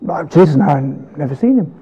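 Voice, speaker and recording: A man voicing a boastful, then frightened apostle who swears loyalty and then denies it in high, pleading protests. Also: expressive, a little fast, mellow, breathy edge, muffled recording, full character voice. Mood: panicky denial.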